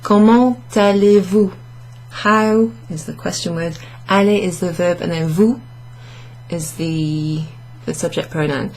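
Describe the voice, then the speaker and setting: With a lowish, slightly mellow voice and a somewhat slow delivery, a woman teaches an online French lesson facing the camera. She works through it step by step indoors under a hot studio light, correcting herself aloud as she goes.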